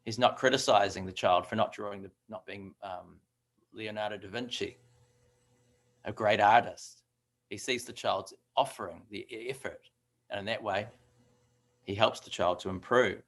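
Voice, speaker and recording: A man's voice: on the low side, steady tone, moderate pace, long pauses, fairly bright tone. A man giving a devotional scripture class in a conversational way, with fillers and asides.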